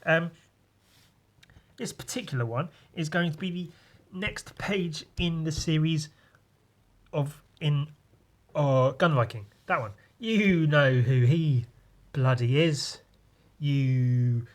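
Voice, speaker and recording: A man's voice: on the high side, slow pace, long pauses. Crude, rambling man drawing. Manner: crude, rambling, self-mocking jokes. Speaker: podcast host and comic artist. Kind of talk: casual drawing podcast.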